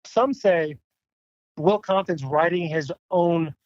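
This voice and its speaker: A man's voice: on the high side, slow pace, no echo, highs cut off. A man co-hosting a podcast, hyping up and ribbing his co-host in casual chat. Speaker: podcast co-host, former NFL player.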